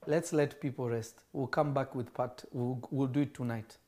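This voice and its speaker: A man preaching a sermon in an animated way, acting out dialogue between the figures he describes. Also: mid-range voice, moderate pace. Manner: animated, acts out dialogue in varied voices.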